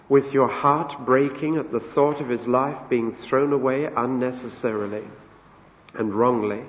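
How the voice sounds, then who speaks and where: Earnest male preacher in an echoey hall. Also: medium pitch. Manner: earnest, storytelling, rising emphasis on quoted words. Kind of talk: sermon. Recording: echoey hall, dull lo-fi sound.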